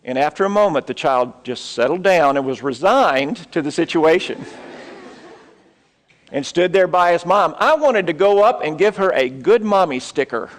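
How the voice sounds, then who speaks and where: A man's voice: a little high, lively intonation, big-room sound. A middle-aged man, preaching a sermon in a church auditorium and telling a story with asides to the congregation. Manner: storytelling with pauses and asides to the audience. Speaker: pastor.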